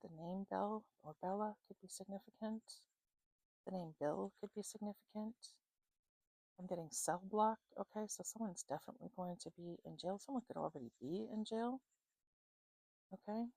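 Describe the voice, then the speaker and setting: A woman giving an intuitive psychic reading to viewers, listing names and places in an unhurried way, often pausing with "um" and checking in with "okay?". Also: mid-range voice, dark tone, no room sound, rough recording. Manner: unhurried, many fillers and "okay?" check-ins. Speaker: psychic reader.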